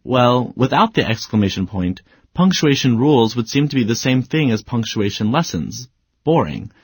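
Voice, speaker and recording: Male student voice for an educational video: playful, lively pitch, slightly husky, dry booth sound. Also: normal speed, no room sound. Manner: playful, mock-exasperated. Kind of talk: scripted educational dialogue.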